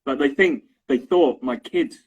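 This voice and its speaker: A middle-aged man from London with an Estuary English accent and a husky, mid-pitched voice. He explains things in an easy, chatty way and keeps checking in with his listener. The sound is dull and lo-fi. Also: unhurried. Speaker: English teacher, interview guest. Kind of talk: casual explanatory chat.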